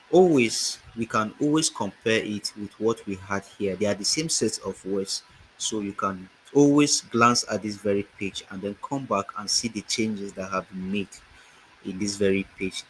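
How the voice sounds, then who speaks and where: A man with a Nigerian accent teaching a language lesson over an online call, explaining slowly and repeating words for emphasis. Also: lowish voice, fairly even intonation, slight background noise, rough recording. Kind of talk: online lecture with slides. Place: home setup, online meeting. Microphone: computer mic on a video call.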